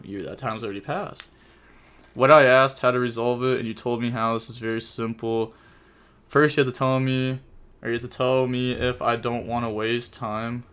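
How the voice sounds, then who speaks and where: A young man streaming, casually commentating a card game dispute and reading chat aloud, often breaking into incredulous high-pitched exclamations. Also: fairly bright tone.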